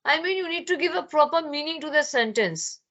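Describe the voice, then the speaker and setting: High-voiced woman teaching. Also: expressive, fairly quick, a bit bright, slight background noise. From Bengal, India. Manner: explaining with many fillers and restarts. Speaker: spoken English teacher. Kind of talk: online grammar lesson. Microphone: laptop microphone.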